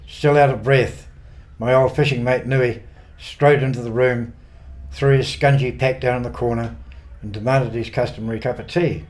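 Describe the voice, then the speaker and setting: Older man, New Zealand accent, memoir narration, unhurried, wry, middle pitch. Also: level tone, a little mellow. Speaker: author narrating his own memoir. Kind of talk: scripted narration.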